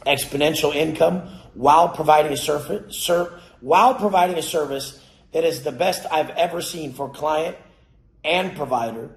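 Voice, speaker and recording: A man giving a profane, aggressive motivational rant, cursing and yelling at his listeners. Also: fairly high pitch. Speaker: motivational speaker. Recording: roomy echo.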